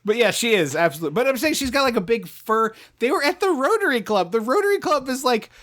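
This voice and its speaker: A woman co-hosting a movie review podcast, chatting casually with animated, laughing asides and some swearing. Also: on the high side, quick pace. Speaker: podcast co-host.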